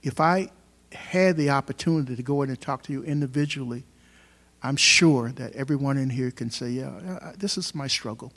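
Male pastor, mid-pitched voice, emphatic sermon delivery, loud and soft by turns, church setting. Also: normal speed. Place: church hall.

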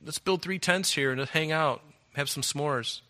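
An eager, excited male apostle, as a man preaching puts him on, talks in a chummy, offhand way. The voice is bright and forward, tossing out a casual suggestion to his friends. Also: a little high, unhurried.

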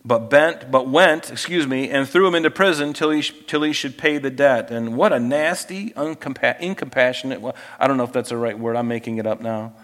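A man's voice: medium pitch, fairly quick, few pauses, fairly bright tone, long reverb tail. A man pastor preaching a sermon, reading scripture aloud and teaching with folksy asides and self-corrections.

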